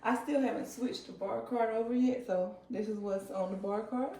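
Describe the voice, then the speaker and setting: A woman's voice: on the high side, steady tone, normal speed, mellow. A woman giving a casual, chatty home decor tour, pointing out items as she walks from room to room. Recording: echoey room.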